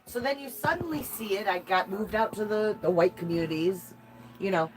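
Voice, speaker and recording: A woman's voice: mid-range voice, moderate pace, rough recording. A woman from the American Midwest chatting candidly as a co-host, blunt and profane. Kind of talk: casual chat.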